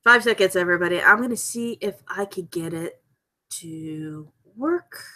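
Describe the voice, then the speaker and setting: A woman hosting a casual live stream from home, giddy, laughing often and repeating herself excitedly. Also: lowish voice, normal speed. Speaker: livestream host.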